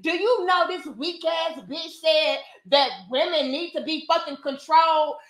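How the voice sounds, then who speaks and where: A woman mocking a shrill, scornful critic in an echoey room. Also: measured pace, slight background noise. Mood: outraged. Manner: indignant, name-calling, profane.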